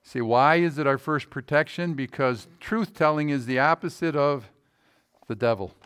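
Brief: male pastor, slightly raised pitch, folksy talk-to-the-pews sermon with loud stresses and hushed asides. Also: moderate pace, clear, resonant tone. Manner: folksy, asks the room rhetorical questions; swings between loud emphasis and quiet low asides. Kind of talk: conversational sermon.

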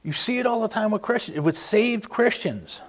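A man preaching an informal sermon, earnest and emphatic, often restarting and pausing mid-thought. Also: high-pitched, expressive. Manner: earnest, emphatic, with frequent restarts and halting pauses.

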